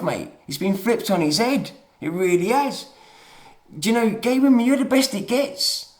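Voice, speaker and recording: A man's voice: high-pitched, animated, moderate pace, roomy sound. A tired man ranting emotionally in a late-night monologue, often calling the listener "mate". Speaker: online talker.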